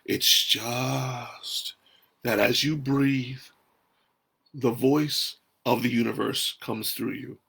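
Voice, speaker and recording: A man hosting a calm, unhurried guided breathing talk outdoors, speaking softly. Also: medium pitch, creaky, breathy edge. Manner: calm, soft-spoken, unhurried. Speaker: host.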